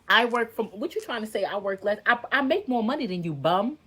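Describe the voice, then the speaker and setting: Give me a woman venting hard in casual talk, fired up and cursing, with a fairly high voice. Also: expressive, brisk, hardly any pauses, bright, forceful tone, husky. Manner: heated, profane, ranting. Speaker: content creator. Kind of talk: emotional casual monologue.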